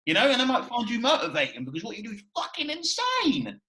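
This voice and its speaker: Brief: male podcast host, high bright voice, fired-up and profane in loose chat. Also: fast talker, low-quality recording. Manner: excitable, swears a lot, repeats "you know what I mean". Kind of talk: casual chat.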